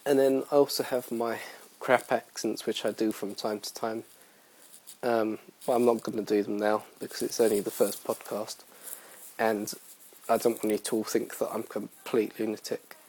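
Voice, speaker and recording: Husky young Englishman rambling on a podcast. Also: medium pitch, darkish tone, low-quality recording. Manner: rambling, self-mocking, many fillers. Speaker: podcast host. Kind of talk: casual solo podcast chat.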